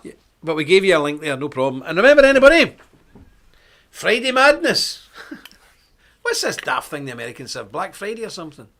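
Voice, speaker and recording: A middle-aged man speaks on a live-streamed show in a slightly higher-than-usual voice. He preaches forcefully and stresses his points in sudden, loud bursts. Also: wildly swooping pitch, fairly quick, pauses often. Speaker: host of a live web show.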